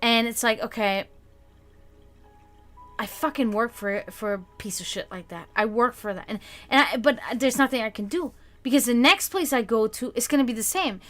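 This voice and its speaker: A woman's voice: on the high side, normal speed, fairly bright tone, soft background music. A young woman hosting a livestream, talking casually to her chat and ranting in frustration with frequent swearing. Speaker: livestream host.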